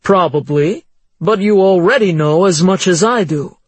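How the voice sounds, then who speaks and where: A narrator reading the lines of a male police lieutenant, brisk and businesslike, giving orders to an officer. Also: mid-range voice, slightly rough, no echo, pitched above the performer's own voice, lightly acted.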